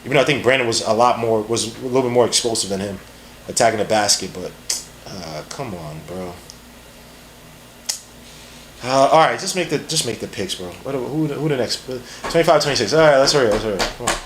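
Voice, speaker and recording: A man hosting a podcast and giving live, rambling, slang-heavy draft commentary. He is excitable and jumps quickly from one thought to the next. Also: medium pitch, slight background noise. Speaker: podcast host.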